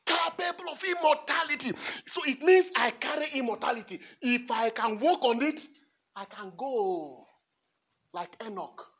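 A husky-voiced male priest delivers a fervent homily in a church, dropping to near-murmurs and then rising to shouts, and repeating his phrases for emphasis. The recording sounds dull and lo-fi. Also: very high-pitched, lively intonation, unhurried. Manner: emphatic, repeats phrases, swings from hushed to shouting, laughs often. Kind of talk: impassioned homily.

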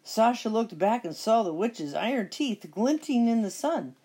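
A middle-aged woman reading a children's picture book aloud with expressive storytelling. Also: on the high side, a little slow, breathy edge. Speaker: storybook reader.

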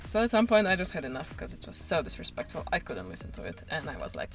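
A woman telling a story in a casual conversation, animated and indignant. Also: on the low side, fast, hardly any pauses, music in the background.

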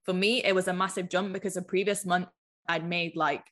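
A woman's voice: fairly low pitch, fairly even intonation, brisk, a bit bright. A woman from the United Kingdom, a business mentor chatting casually as a podcast guest, filling her talk with "like". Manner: chatty, lots of filler "like".

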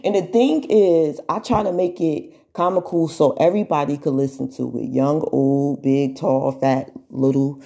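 A woman's voice: low voice, a little slow, creaky, hardly any pauses, slightly rough. A woman influencer talking casually and animatedly to her viewers, laughing often and mimicking what people will say about her. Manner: animated, laughing often, mocking imitations of others. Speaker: social media influencer.

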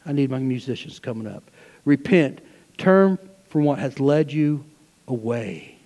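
A man preaching a sermon to his church, swinging between loud, fervent passages and hushed asides. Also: mid-range voice, expressive, a little slow, in a large hall. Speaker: pastor. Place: church sanctuary.

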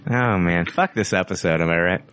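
A man's voice: deep voice, brisk, a bit bright, clean tone. A man hosting a casual podcast chat, loose and profane, joking around. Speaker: podcast host.

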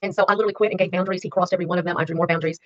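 A woman in her sixties recounts her life in a candid interview, talking at a rapid clip and repeating words for emphasis. The sound is dry and a little dull, as from a modest lo-fi setup. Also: fairly low pitch, steady tone, dry recording. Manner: emphatic, fast, repeats key words for weight. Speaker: interview guest. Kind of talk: candid personal storytelling interview.

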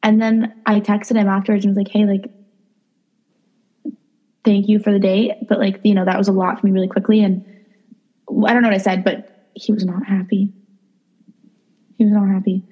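A young woman co-hosting a podcast, telling dating stories in a casual, animated way, acting out quotes and saying "like" a lot. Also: mid-range voice, moderate pace, long pauses, highs cut off. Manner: animated, acts out quotes, lots of "like". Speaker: podcast co-host. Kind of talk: casual storytelling chat.

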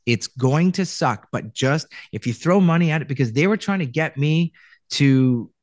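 A man's voice: a little high, lively intonation, moderate pace, no echo. Canadian man telling his story, dry room. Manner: rambling, many restarts, acts out quoted lines. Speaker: voice actor guest. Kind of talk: casual interview storytelling.

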